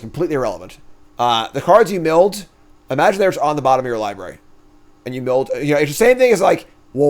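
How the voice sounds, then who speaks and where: A man streams himself playing a card game and talks through every choice as he goes. His voice swings up and down with lots of life, and he sounds loose and chatty. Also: mid-range voice. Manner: chatty, thinks aloud, animated swings in energy. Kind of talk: casual gameplay commentary.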